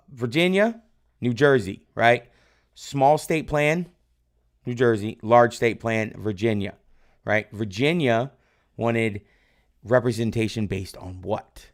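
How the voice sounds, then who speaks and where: Male teacher, low gravelly voice, casual live review lesson, keeps quizzing the class and praising answers. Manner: quizzes viewers and praises their answers from chat; loose, rambling, tag questions like "right?". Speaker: history teacher.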